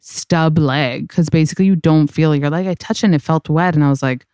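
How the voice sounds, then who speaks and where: Young woman host, lowish smooth voice, close dry mic, candid chatty storyteller who swears freely. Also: brisk, mellow, no echo. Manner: candid, profane, lots of "like". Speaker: podcast host. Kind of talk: casual storytelling chat.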